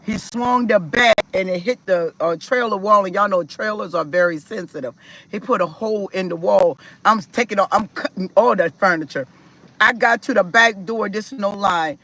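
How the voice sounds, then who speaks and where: Animated woman telling her story. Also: medium pitch, moderate pace, rough recording. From South Carolina, US. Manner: animated, acts out quoted voices, laughs while telling. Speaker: testimony speaker. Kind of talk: storytelling testimony.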